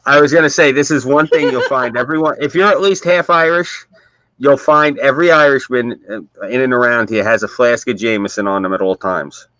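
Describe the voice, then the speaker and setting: A man's voice: mid-range voice, fairly quick, pushed and bright, dry recording, low-quality recording. A man with a New York accent telling stories in a brash, profane way on a casual stream. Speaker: stream host. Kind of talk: casual chat.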